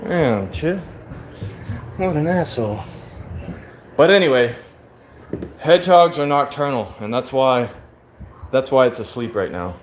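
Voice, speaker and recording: A man's voice: medium pitch, expressive, measured pace, long pauses, a little hiss or hum. A tired man hosting a casual livestream, talking bluntly and rambling, with frequent swearing. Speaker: livestream host.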